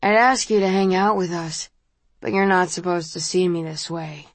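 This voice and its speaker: A woman reading the part of a drunk, relaxed young man who speaks slowly and softly, in a lowish voice. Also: no echo, natural voice. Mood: soft, teasing.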